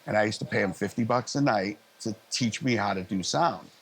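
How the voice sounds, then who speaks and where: A middle-aged man, a live sound engineer, telling lively, easygoing stories in a casual interview and acting out other people's lines. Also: fairly low pitch, fairly quick, slightly rough. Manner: animated anecdotes, acting out others' lines in a raised voice; frequent fillers and restarts, easygoing.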